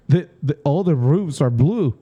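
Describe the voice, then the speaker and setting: A man's voice: a little high, slow, slightly rough, highs cut off. A young man co-hosting a podcast in casual chat, laughing often as he tells stories. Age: young adult. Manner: laughs often, animated storyteller. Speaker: podcast co-host.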